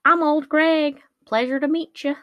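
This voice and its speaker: A woman's voice: fairly high pitch, expressive, normal speed, no echo, highs cut off. A woman putting on a creepy scaly merman. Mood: threatening. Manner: mock-menacing, flirty. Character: strange scaly male lake merman, pushy and odd.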